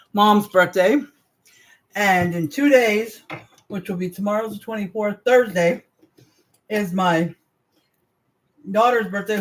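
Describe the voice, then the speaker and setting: A woman in her forties chatting casually on a livestream, rambling in trailing asides and greeting viewers. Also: mid-range voice. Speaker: livestream host.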